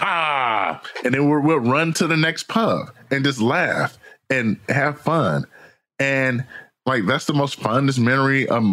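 American man guest, lively slangy storyteller, mid-pitched, quick to laugh. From United States. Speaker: podcast guest, author. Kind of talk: casual interview chat.

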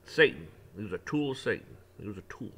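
A man's voice: fairly low pitch, very animated, fast talker, pushed and bright, slight background noise. A man giving a ranting opinion monologue, preachy and emphatic, repeating phrases and swearing as he preaches about faith. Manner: religious preaching tone. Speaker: online commentator.

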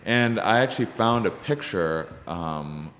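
A comedian being interviewed, telling a story in a halting, searching way with many ums and restarts. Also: male voice, fairly low pitch, expressive, a bit bright. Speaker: podcast guest, comedian. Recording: long reverb from the room.

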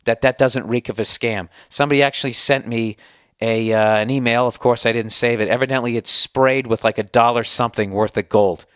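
A man's voice: medium pitch, fairly even intonation, a little fast, fairly bright tone, clear, resonant tone, no room sound, studio quality. A man hosting a solo podcast, answering listener email in a heated, sarcastic, profane rant. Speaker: podcast host.

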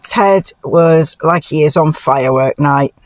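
A woman narrating her travel vlog in a chatty, relaxed way, pausing on fillers. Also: no room sound. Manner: coos to her dogs in high sing-song tones. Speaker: travel vlogger.

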